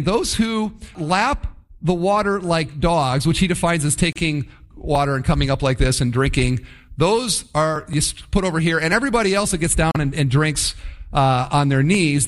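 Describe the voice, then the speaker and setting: A man preaching a sermon, reading scripture and retelling the story with lively, acted-out asides. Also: on the high side, moderate pace. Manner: lively storytelling, acts out voices of the people in the story. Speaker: pastor. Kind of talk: sermon, Bible teaching.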